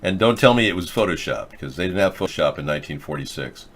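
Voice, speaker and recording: A man's voice: low voice, lively intonation, quick pace, a bit bright, a little hiss or hum. A middle-aged man hosting a show, talking in a casual, rambling and sarcastic monologue that drifts between topics. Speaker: host.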